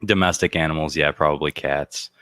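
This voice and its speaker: A man's voice: rumbling low, fairly even intonation, a little fast, fairly bright tone, dry recording. A man hosting a casual interview, joking around and rambling with frequent laughter. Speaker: host.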